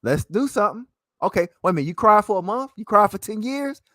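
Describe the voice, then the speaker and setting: A man's voice: high voice, animated, fast talker, fairly bright tone, no room sound, studio quality, pitched above the performer's own voice. A man voicing life itself as a patient figure who teases someone for crying. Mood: teasing, coaxing. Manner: coaxing, teasing. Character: patient personified life, cheerfully waiting.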